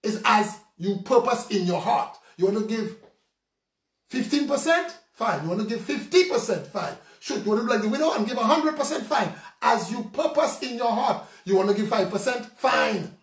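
A man from Saint Lucia with a Saint Lucian accent, preaching a lively, conversational sermon full of rhetorical questions. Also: extremely high pitch, moderate pace, far from the mic. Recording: roomy sound from off mic.

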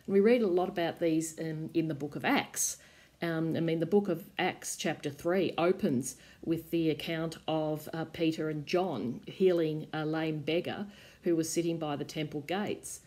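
A woman youth pastor giving a reflective devotional talk in a measured teaching manner. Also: low-pitched, a little mellow.

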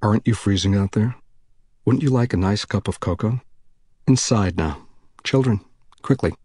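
A man voicing a soft-spoken, coaxing middle-aged stranger in a gentle, friendly manner. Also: lowish voice, moderate pace, slightly rough, no room sound, studio quality.

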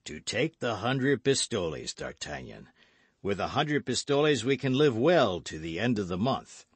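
A man voicing a weary, measured older musketeer patiently persuading a friend in an audiobook. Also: medium pitch, very animated, creaky, breathy edge, no echo, heavily acted. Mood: persuasive.

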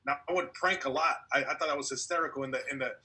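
A man's voice: medium pitch, very fast, bright, forceful tone, breathy edge. A young man and comedian guest telling a long story in casual podcast chat over a video call, acting out quotes and laughing along the way.

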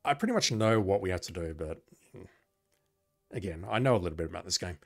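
A man's voice: deep voice, animated, a little fast, soft background music. A man playing through an old adventure game, reading its text aloud with wry, self-deprecating asides. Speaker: let's play gamer.

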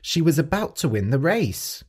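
A man hosting a story podcast, narrating clearly and expressively for English learners. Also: on the high side, normal speed. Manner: clear, expressive, carefully paced.

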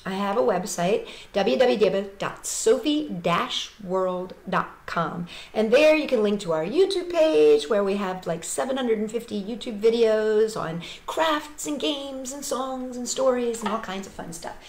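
A woman who entertains children, reading a picture book aloud in an animated, sing-song way with playful animal noises. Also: on the high side, measured pace, hardly any pauses, roomy sound.

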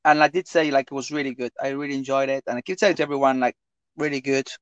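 A man from South America, a clown and guest on a chat show, who talks earnestly in halting phrases and repeats words. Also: medium pitch, fairly even intonation, clean tone, dry recording, muffled recording. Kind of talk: casual chat.

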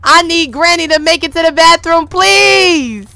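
A woman streamer giving casual, animated, slangy commentary to her viewers while playing a life-simulation game. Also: extremely high pitch, a little slow, vocal fry, no room sound. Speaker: gaming streamer.

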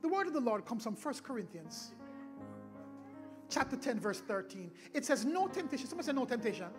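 A Jamaican man preaching a sermon as pastor, lively and playful, often shouting to his church. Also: extremely high pitch, a little fast, over music.

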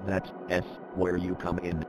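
A man's voice: low voice, completely flat delivery, a little slow, background noise. A man narrating a formal training briefing in scripted narration.

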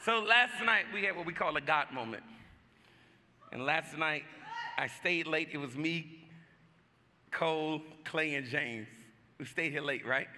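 A male pastor preaching a sermon, urging the congregation to respond out loud and shouting his exhortations. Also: on the high side, big-room sound. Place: church sanctuary.

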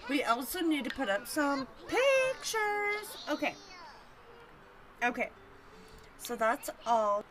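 A woman's voice: fairly high pitch, big pitch swings, slow pace, a bit bright, a little hiss or hum. A woman narrating her life-sim gameplay in an effusive, doting way with lots of exclamations. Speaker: gaming vlogger. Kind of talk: game commentary. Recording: music playing behind.

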